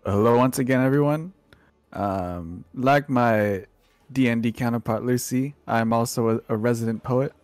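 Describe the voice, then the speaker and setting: A man's voice: mid-range voice, moderate pace, a little mellow, no echo. A man player in a tabletop game, talking in an easygoing casual way. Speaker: player and poet. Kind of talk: casual chat.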